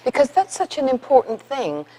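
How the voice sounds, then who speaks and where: Woman, tv host, interviewer, animated pitch, friendly manner, studio. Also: normal speed, breathy edge. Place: community TV studio.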